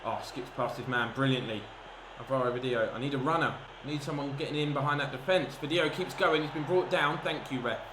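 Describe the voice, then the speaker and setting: An excitable man talks through his football video game match at a middle pitch, narrating every pass and yelping when a chance comes. His voice rings around an echoey room with steady noise behind it. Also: brisk, few pauses. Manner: excitable, bursts into shouts at chances. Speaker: gaming commentator. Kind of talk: live football game commentary.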